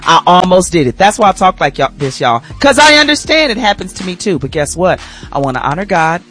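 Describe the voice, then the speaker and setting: A middle-aged woman hosting a radio morning show, telling a personal story with lively, preachy lessons and calling listeners y'all. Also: lowish voice, brisk, husky, soft background music. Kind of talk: casual testimony with sermon-like lessons.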